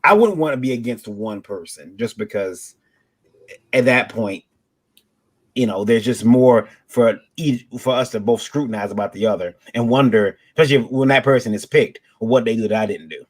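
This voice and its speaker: A man's voice: medium pitch, normal speed. A man joining an online panel chat as a guest, speaking hesitantly with many fillers and restarts. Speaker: guest, fellow show host.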